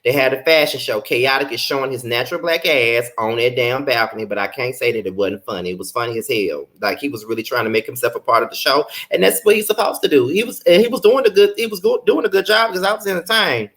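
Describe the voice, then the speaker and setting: A young man casually recapping a reality TV episode in a blunt, profane, animated vlog. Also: quick pace, hardly any pauses. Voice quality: blunt, profane, sassy commentary. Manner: animated, rants with big pitch jumps. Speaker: YouTube reality TV reviewer.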